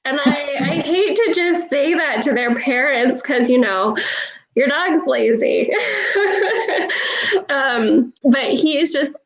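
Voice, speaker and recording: A woman's voice: high voice, slow, dull audio. A woman who is an animal communicator, telling stories in a casual interview and laughing often.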